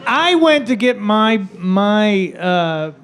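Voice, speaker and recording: A man's voice: high voice, sing-song, slow, fairly bright tone. A middle-aged man telling a comic story in casual chat, chuckling and repeating himself as he goes.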